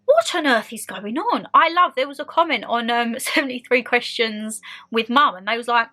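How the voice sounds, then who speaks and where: Sitting down to chat straight to her viewers, a young British woman with a bright, fairly high voice keeps things relaxed, speaking at a moderate pace. She's outspoken and expressive, and faint music plays behind her in this casual vlog.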